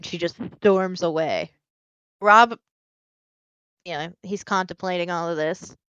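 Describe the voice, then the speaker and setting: Podcast co-host, female, smooth clear voice, rambling chatty recap, dry close sound, slightly dull audio. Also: lowish voice, slow, a bit bright, dry recording. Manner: rambling plot recap with many fillers. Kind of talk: casual chat.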